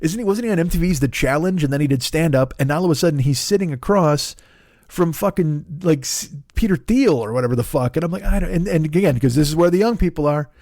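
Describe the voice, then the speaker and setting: Rambling, profane comedian podcaster. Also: male voice, on the high side, lively intonation, fast talker, a little mellow, dry recording, studio quality. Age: 40s. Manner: profane, rambling, self-interrupting. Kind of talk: solo comedic rant.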